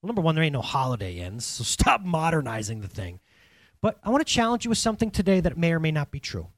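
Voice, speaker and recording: A man's voice: fairly high pitch, fast talker, no echo. A man preaching a sermon in a casual, conversational way, asking the congregation questions as he goes. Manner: conversational, animated, talks to congregation directly. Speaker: pastor.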